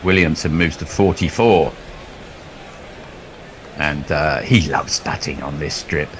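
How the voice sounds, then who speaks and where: A man's voice: very deep voice, takes it slowly, noisy background. A man commentating on cricket ball by ball, drifting into a long, chuckling anecdote between deliveries. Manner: rambling storyteller, chuckles often.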